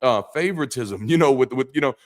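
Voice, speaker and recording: Talking fast in a medium pitch, this man, an ex-pastor running a live call-in show, addresses his stream's chat. His monologue mixes preacher-style phrasing and animated emphasis with blunt slang, offhand swearing, and frequent restarts.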